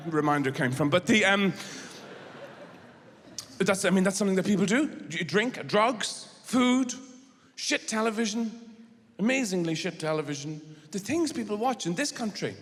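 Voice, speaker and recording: A middle-aged man with an Irish accent performs stand-up in a high, light voice, meandering through half-finished sentences before erupting into shouted tirades. The sound is a live theatre recording with a long, echoing reverb and clear audience noise behind him. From Ireland. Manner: rambling, halting, bursts into shouted rants. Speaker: stand-up comedian. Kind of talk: stand-up comedy. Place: large theatre stage.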